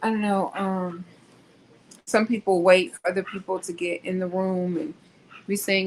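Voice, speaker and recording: A woman hosting a casual live talk, pausing often with ums and restarts. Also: fairly low pitch, level tone, slight background noise, rough recording. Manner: slow, hesitant, many ums and restarts. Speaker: host.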